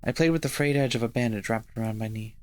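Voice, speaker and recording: A man co-hosting a let's-play, reading the narration of a visual novel aloud in an expressive way. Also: mid-range voice, quick pace. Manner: expressive narration with swearing asides. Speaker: podcast co-host.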